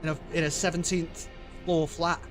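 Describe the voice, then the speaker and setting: A man putting on a bewildered male game show contestant from a high-rise flat, in a Birmingham accent. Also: normal speed, over music, close to an everyday voice. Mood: sheepish.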